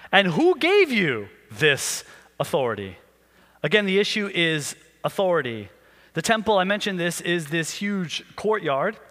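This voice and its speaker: A man preaching a sermon as pastor, telling the story in an animated way and acting out the questions people ask. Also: high voice, long reverb tail.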